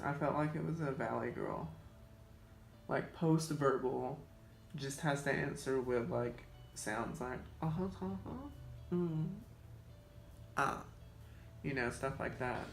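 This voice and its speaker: Young male beauty vlogger, gravelly fry, chatty and rambling, echoey room with faint music. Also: medium pitch, normal speed. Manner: chatty and rambling, with many fillers of "like". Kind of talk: casual get-ready-with-me chat while doing makeup. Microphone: camera mic, seated in front of the camera.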